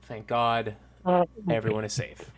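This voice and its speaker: Gentle grateful preacher, soft-spoken, kindly, tabletop game figure, as a man puts him on. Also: lowish voice, completely flat delivery, a little slow, close to an everyday voice.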